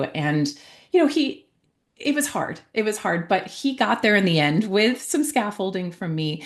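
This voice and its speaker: As a guest, an author in her forties recounts a parenting story conversationally, peppering it with fillers and restarts. Her medium-pitched voice is animated and a little slow.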